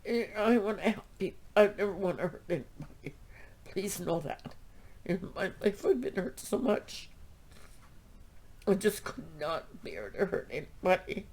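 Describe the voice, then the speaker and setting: A woman's voice: mid-range voice, expressive, unhurried, darkish tone. A middle-aged woman hosting a crochet podcast, talking emotionally and rambling as she thanks her viewers. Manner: emotional, gushing, rambling with restarts. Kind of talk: heartfelt thank-you talk to viewers.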